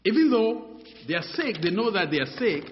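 Animated preacher man in a reverberant hall. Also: high-pitched, normal speed, a little hiss or hum. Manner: animated, repeats words, many fillers; acts out dialogues in his story. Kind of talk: sermon. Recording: dull sound, long hall reverb.

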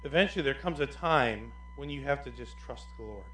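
Animated preaching pastor, man, in echoey church. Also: medium pitch, brisk, a little hiss or hum. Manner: animated, swings between loud emphasis and quiet asides. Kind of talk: sermon.

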